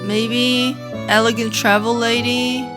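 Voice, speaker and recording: A woman from the Netherlands, chatting casually as she reviews game outfits, quick to react with dramatic mock outrage. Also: fairly high pitch, level tone, music in the background. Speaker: gaming content creator.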